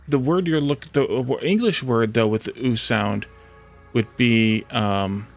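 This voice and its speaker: A man's voice: medium pitch, measured pace, gravelly, soft background music. A man streaming a building game, chatting casually with his viewers and talking himself through each step. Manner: chatty, reacts to chat, talks to himself while building. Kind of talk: casual let's-play commentary.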